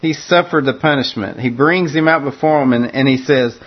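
A man's voice: mid-range voice, normal speed, breathy edge, muffled recording. A man preaching a conversational sermon that walks through a scripture passage, often repeating words as he restarts his phrases.

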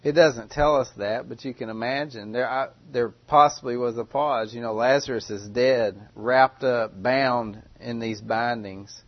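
A man delivers a sermon in a dramatic way, moving from hushed, slow passages to loud cries. His voice sits at a middle pitch. The recording is dry and slightly dull, with no room sound. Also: no room sound. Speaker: preacher.

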